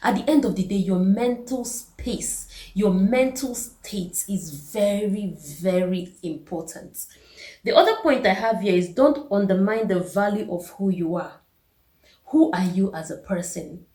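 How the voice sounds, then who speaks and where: A woman's voice: medium pitch, warm tone, reverberant. A young woman giving an earnest self-care pep talk, repeating key words and asking the listener direct questions. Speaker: vlogger.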